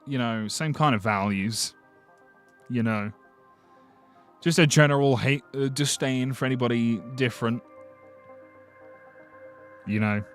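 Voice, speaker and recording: A man in casual live-stream chat, answering viewers bluntly with a sardonic edge and plenty of swearing. His voice sits at an ordinary middle pitch. Faint music plays quietly behind him.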